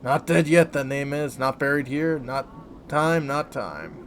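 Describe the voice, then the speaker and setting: A man's voice: medium pitch, a little slow, a bit bright, slight background noise, natural voice. A man voicing an eerie male undertaker in a game, speaking in clipped, sing-song phrases.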